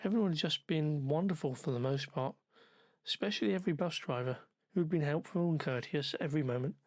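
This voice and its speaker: A man's voice: fairly high pitch, quick pace, no echo. A man, ill with covid, narrating a travelogue in a dry, sardonic, wordy manner. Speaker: travel vlogger.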